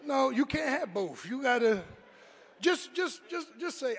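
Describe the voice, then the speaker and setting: Man, pastor, sermon, call-and-response, husky, bright edge, long hall reverb. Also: very high-pitched, big pitch swings, unhurried. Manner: call-and-response preaching, rising to shouts.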